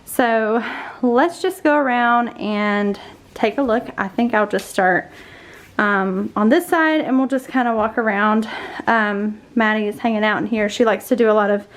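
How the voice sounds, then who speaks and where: A woman's voice: a little high, measured pace. A homeschooling mom vlogger, audibly out of breath, chatting casually as she walks through a room in her home to give a tour. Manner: chatty, warm-hearted tour guide walking through the room. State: winded, out of breath. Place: indoor room in a family home.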